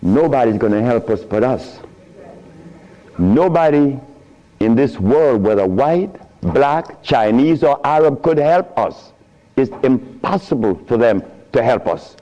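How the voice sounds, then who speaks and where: Speaking to an audience, a man delivers an informal lecture full of anecdotes, loose grammar and frequent chuckles. His medium-pitched voice moves at a measured pace, and the recording sounds muffled. His storytelling stays animated throughout.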